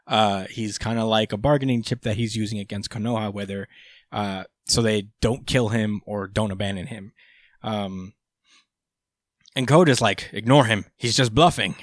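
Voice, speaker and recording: A man's voice: on the low side, fairly even intonation, moderate pace, no echo, studio quality. A man hosting a podcast, casually recapping a comic chapter, swearing freely with lots of fillers. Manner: laid-back, swears freely, many fillers. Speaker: podcast host.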